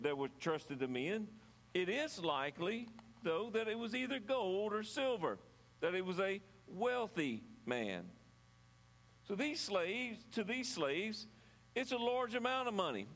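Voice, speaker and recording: A man preaching a sermon, reading scripture aloud and then explaining it in an earnest, measured way, sometimes halting and restarting his words. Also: sits high, fairly bright tone, long reverb tail. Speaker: pastor.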